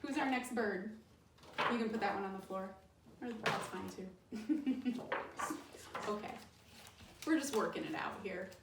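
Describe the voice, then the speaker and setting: A woman's voice: mid-range voice, a little slow, pauses often, reverberant, distant mic, heavy background noise. A woman librarian in her thirties leading a children's storytime, cheerful and sing-song as she talks to young kids.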